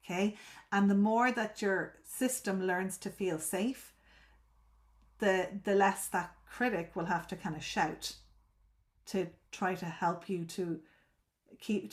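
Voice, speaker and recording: A woman with a mid-range voice coaches a group over a live video call, explaining things at length. She frequently repeats and restarts words and checks that her listeners are following.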